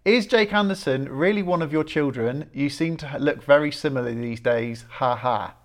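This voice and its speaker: A man's voice: a little high, normal speed. A man hosting a podcast, reading out listener questions and laughing along with his guest. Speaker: podcast host. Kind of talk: casual podcast interview.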